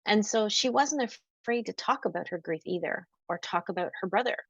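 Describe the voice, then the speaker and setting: A woman guest telling a personal story in an interview, earnest and emotional, going soft at the sad parts. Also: medium pitch, animated, a little fast, gravelly, husky, dry recording. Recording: dull, dry, lo-fi audio.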